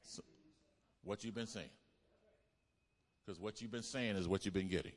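A pastor preaching a sermon to his congregation, asking them to repeat lines back and building up to loud exclamations. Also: fairly low pitch, normal speed. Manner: call-and-response preaching, builds to shouts. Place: church.

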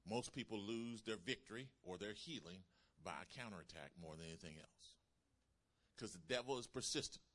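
This man's voice sits on the low side and moves at a moderate pace as he preaches. He recounts a healing testimony, then rises to loud, emphatic appeals to the congregation.

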